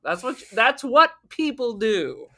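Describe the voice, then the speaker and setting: A woman's voice: on the high side, big pitch swings, unhurried, noisy background. A woman co-hosting a podcast, talking bluntly and playfully about a horror film, with casual swearing. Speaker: podcast co-host.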